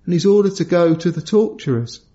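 A middle-aged man preaching a sermon, telling a personal story in earnest and lifting his voice high when he acts out quotes. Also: expressive, a little fast, dark tone, muffled recording.

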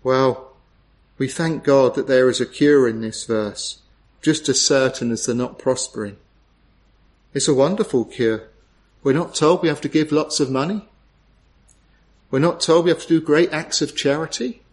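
A man's voice: medium pitch, normal speed, pauses often. A man preaching a sermon in an earnest, pleading way, asking the listeners many questions.

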